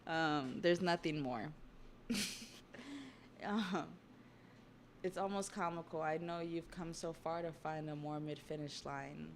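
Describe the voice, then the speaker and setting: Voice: medium pitch, takes it slowly, pauses often, a little hiss or hum. Laid-back streamer recapping a comic. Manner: laid-back slang, frequent laughs and swearing. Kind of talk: casual livestream comic recap.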